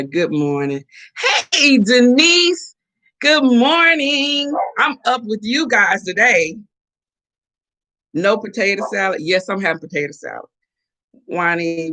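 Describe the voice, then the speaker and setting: A woman's voice: fairly low pitch, fairly bright tone. A middle-aged woman hosting a casual morning live stream, chatting playfully and answering viewer comments.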